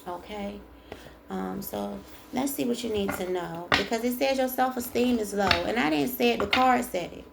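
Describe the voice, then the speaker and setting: Gravelly-voiced woman doing a tarot reading. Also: medium pitch, moderate pace, heavy background noise. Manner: chatty, emphatic, encouraging, reads aloud and repeats. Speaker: tarot reader. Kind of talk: casual spiritual card reading.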